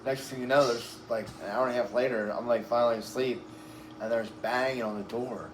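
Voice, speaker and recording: A man's voice: medium pitch, steady tone, a little fast. Man, casual rambling storyteller, profane, lots of filler, slightly breathless, echoey room, faint background noise. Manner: rambling, profane, peppered with "like" and "right?". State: breathless, uses oxygen. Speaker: interview guest.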